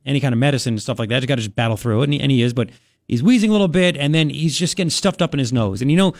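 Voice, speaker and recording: A man's voice: mid-range voice, very fast, no echo, studio quality. A man hosting a talk radio show, chatting and rambling in a casual monologue with lots of restarts.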